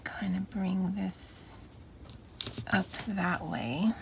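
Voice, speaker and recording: A middle-aged woman chatting softly and often half-whispering as she decorates her planner, with a Valley Girl lilt. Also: mid-range voice, steady tone, very slow, creaky, background noise. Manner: soft, often half-whispered, self-deprecating. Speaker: planner vlogger. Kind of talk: casual crafting chat.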